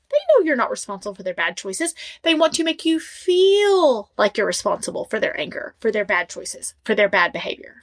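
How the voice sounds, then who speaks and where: A woman relationship coach giving direct advice to camera, emphatic and animated, driving her points home by repeating them. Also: sits high.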